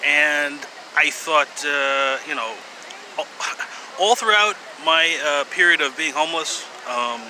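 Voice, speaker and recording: A man's voice: a little high, slow, bright, forceful tone, rough recording. A man talking casually to camera in a rambling, hesitant way, full of fillers, sighs and wry little laughs. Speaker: vlogger. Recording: outdoor street noise behind.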